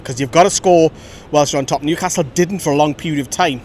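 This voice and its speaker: Fan-channel host, slightly high voice, opinionated chat outdoors with faint traffic behind. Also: male voice, brisk. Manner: chatty, opinionated, lively storytelling. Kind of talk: outdoor post-match fan reaction. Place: outdoors by a road after a match. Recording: faint traffic rumble outside.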